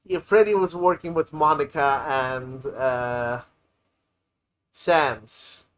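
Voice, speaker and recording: A man's voice: medium pitch, slow. A man co-hosting a live stream, chatting casually and chiming in with jokey quips. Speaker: stream co-host.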